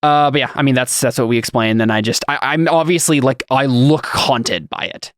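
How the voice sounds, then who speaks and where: A man's voice: medium pitch, a little fast, dry recording. Player at the table, a man with a mid voice, tripping over words, dry close sound. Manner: stumbling, repeats words. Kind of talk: tabletop game chat.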